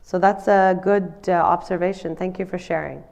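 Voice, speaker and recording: A woman's voice: on the low side, fairly even intonation, normal speed, gravelly, darkish tone. Nasal-sounding woman counsellor addressing a crowd. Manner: friendly, often asks the audience "right?". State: nasal voice from a cold. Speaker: counsellor giving a community presentation. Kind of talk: live talk to an audience. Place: community centre in front of an audience.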